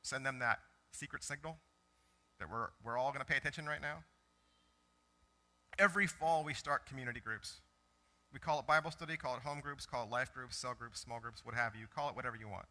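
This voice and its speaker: Man, pastor, very bright voice, chatty animated sermon, church. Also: mid-range voice, brisk. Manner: conversational, animated storytelling with self-corrections. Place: church sanctuary.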